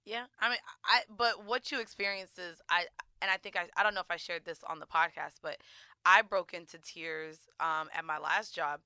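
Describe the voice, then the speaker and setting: A woman's voice: fairly low pitch, normal speed, bright, forceful tone, clean tone, no room sound, clean studio sound. A young woman co-hosting a podcast, talking bluntly and animatedly in casual chat and swearing often. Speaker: podcast co-host.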